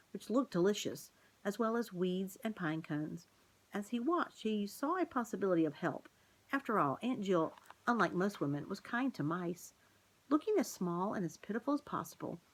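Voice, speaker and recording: A woman reading a children's novel aloud in a gentle, steady storytelling voice. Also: lowish voice, low-quality recording. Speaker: reader.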